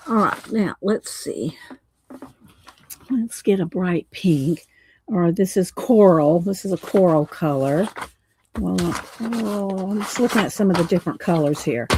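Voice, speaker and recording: A woman's voice: fairly low pitch, warm tone, a little hiss or hum, low-quality recording. A woman chatting casually on a live craft stream, thinking aloud as she picks paint colors and reads viewer chat. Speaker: art streamer.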